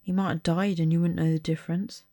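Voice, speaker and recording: A woman's voice: on the low side, normal speed, gravelly, dark tone, no room sound, clean studio sound. A woman voicing a cheeky, chatty young schoolboy in a read-aloud storybook. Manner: chatty, blunt.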